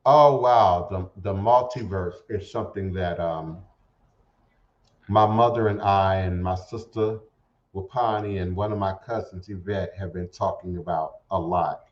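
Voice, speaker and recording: Male radio host, loose rambling monologue full of restarts, dull lo-fi stream sound. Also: sits low. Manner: rambling, halting with repeated words. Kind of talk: casual spiritual talk show monologue. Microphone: home setup streamed to internet radio. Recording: roomy, dull lo-fi internet radio audio.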